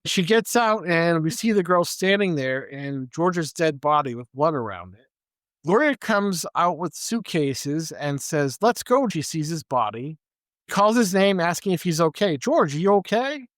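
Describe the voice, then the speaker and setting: A man's voice: on the high side, lively intonation, measured pace, a bit bright, dry recording, clean studio sound. A man co-hosting a podcast who retells a movie's scenes step by step and quotes the characters as he goes. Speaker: podcast co-host. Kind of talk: casual movie plot recap.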